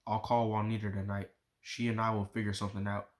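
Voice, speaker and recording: Caring firm mom, man reading her lines in a low flat voice, storybook reading. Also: quick pace, natural voice. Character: caring adult mother, protective and firm.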